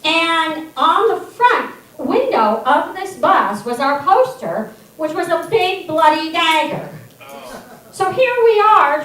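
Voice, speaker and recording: High-voiced woman doing stand-up in an echoey hall. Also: distant mic. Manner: animated, self-deprecating, wry. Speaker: student stand-up comedian. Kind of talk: stand-up storytelling. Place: comedy theater stage.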